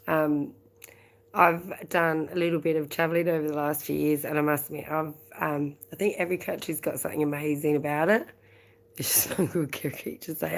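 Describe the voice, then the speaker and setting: A woman's voice: deep voice, steady tone, moderate pace, vocal fry. An Australian woman hosting a late-night live stream, chatting casually with viewers, rambling and laughing often. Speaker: livestream host.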